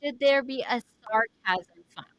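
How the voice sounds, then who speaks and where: A young woman co-hosting a casual podcast, giving quick blunt answers and moving things along. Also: on the high side, dry recording, highs cut off. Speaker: podcast co-host. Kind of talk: casual chat.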